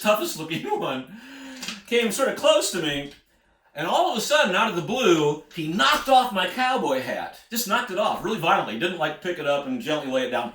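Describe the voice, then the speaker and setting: A man's voice: high voice, fairly bright tone. An American man, a singer-songwriter, telling a rambling road story in a folksy way, chuckling often. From United States. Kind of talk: casual spoken storytelling. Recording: echoey room.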